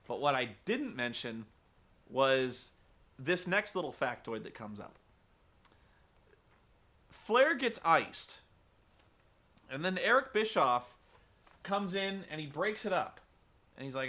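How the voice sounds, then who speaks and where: A man hosting a casual comedic wrestling recap, animated, laughing and swearing casually. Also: fairly high pitch, unhurried, long pauses.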